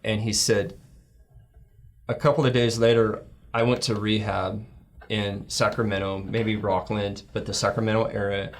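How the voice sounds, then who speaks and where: Middle-aged male guest, low-ish voice, rambling heartfelt storyteller. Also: level tone, normal speed, slight background noise. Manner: rambling, heartfelt, acts out quoted lines in a higher voice. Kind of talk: storytelling in a church talk show.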